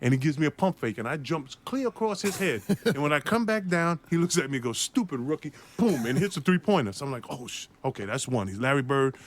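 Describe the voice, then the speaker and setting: A former basketball player telling an animated story in an interview, laughing often and acting out the voices of the people in it. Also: male voice, a little high, quick pace, few pauses.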